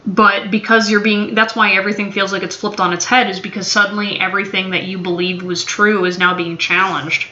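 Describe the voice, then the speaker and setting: A woman's voice: medium pitch, level tone, fairly quick, few pauses, bright, forceful tone, a little hiss or hum. A woman giving a casual tarot reading to camera, blunt and swearing freely, with a playful drawl. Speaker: tarot reader. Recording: dull, echoey room recording.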